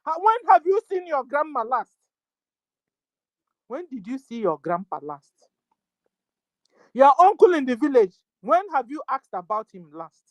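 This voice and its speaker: A woman with a Nigerian accent giving an impassioned political address, scolding her listeners over and over and rising to shouts. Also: high-pitched, very animated, measured pace, long pauses, no room sound, poor audio. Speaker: activist speaker.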